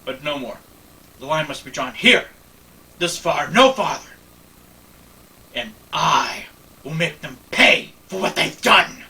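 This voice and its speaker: A man's voice: medium pitch, animated, fairly quick, long pauses, sharp tone. Man reading as stern vengeful old starship captain. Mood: furious. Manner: grave, rising to furious declarations. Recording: distant mic, faint background noise.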